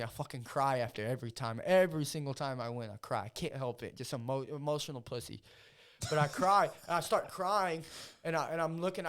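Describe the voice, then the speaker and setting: Profane, emotional man telling fight stories. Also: mid-range voice. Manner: emotional, heavily profane storytelling. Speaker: podcast guest, MMA fighter. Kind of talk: casual podcast chat.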